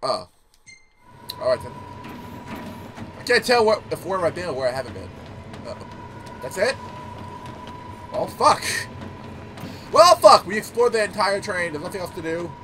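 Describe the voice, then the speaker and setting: A man's voice: high voice, very animated, fairly quick, long pauses, a bit bright, a little hiss or hum. A man giving casual gameplay commentary, telling stories animatedly, swearing and laughing often. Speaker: gaming YouTuber.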